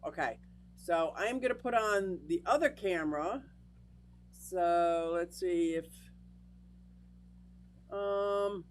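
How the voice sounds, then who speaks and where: A woman's voice: medium pitch, slight background noise. A middle-aged woman hosting a casual livestream from her home fish room, greeting viewers by name in a bubbly, chatty way. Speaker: livestream host. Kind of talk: casual livestream chat, reading out viewers' names.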